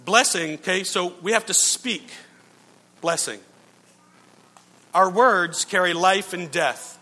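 Preaching a conversational sermon, a male pastor with a high, bright voice speaks slowly, sharing stories, mocking himself, and checking in with the people listening. Long reverb from a big hall surrounds him.

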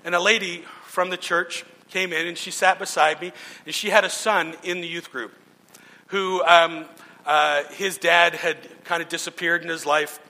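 Bright-voiced preacher in a reverberant hall. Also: male voice, fairly high pitch, steady tone, moderate pace. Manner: earnest storytelling with repeated restarts. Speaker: pastor. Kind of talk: sermon.

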